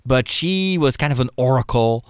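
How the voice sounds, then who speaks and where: With lively intonation and a clear, resonant tone, a man of medium pitch speaks at a moderate pace; there's no room sound and the studio audio is clean. He hosts a podcast, chatting about movies with enthusiasm and frequent restarts while thinking aloud.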